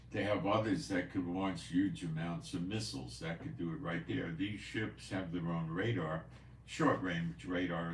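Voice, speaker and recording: Recorded at a distance in a reverberant space with slight background noise, a low-voiced man runs a prophecy news channel from home in Israel. His commentary is casual and meandering, with occasional repetition.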